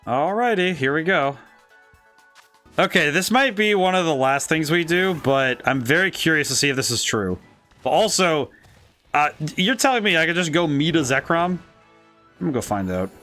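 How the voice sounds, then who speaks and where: A man streaming a video game, thinking aloud and breaking into excited, disbelieving outbursts. His voice sits a touch high and cracks from a dry throat. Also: normal speed, faint music behind. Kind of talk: casual let's-play commentary.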